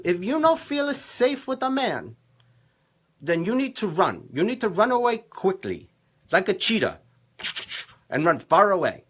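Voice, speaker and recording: A man's voice: sits high, a bit bright, full character voice. A man playing a boisterous, middle-aged Italian male love professor, giving dating advice in broken English with a put-on Italian accent and theatrical emphasis. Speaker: relationship coach. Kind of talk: comedic in-character advice livestream.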